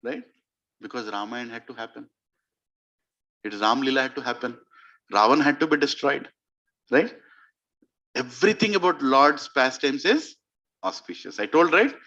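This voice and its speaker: A man preaching, telling a sacred story in an animated way and asking his audience questions. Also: medium pitch, normal speed, long pauses, dull audio. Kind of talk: storytelling sermon.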